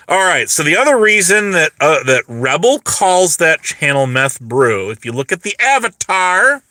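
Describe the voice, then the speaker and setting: A man's voice: fairly high pitch, pushed and bright, no echo. A man in his forties hosting a livestream, ranting sarcastically to his chat, rambling with restarts while his voice runs dry. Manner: sarcastic, mocking, talks straight to chat; rambling with frequent restarts and stumbles. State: voice getting dry. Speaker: livestream host. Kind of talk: casual livestream rant to chat.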